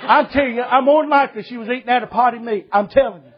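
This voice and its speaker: A man with an extremely high-pitched voice rattles off a joking, folksy sermon to his congregation at rapid-fire speed, addressing them as brother. The storytelling is humorous, and the dull audio has background noise.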